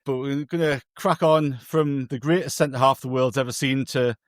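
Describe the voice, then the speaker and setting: A man co-hosting a football podcast, telling a lively story in casual chat and moving the show along. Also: mid-range voice, normal speed, no echo, clean studio sound. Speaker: podcast co-host.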